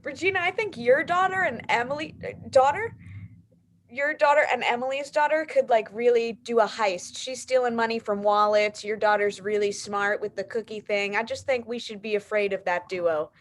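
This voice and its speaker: High-voiced bubbly female show host. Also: moderate pace, few pauses. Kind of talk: introducing comedians.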